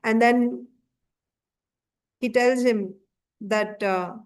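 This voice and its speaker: A woman teaching a scripture class, retelling a story in a conversational way with frequent fillers and lively quoted asides. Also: medium pitch, unhurried, pauses often.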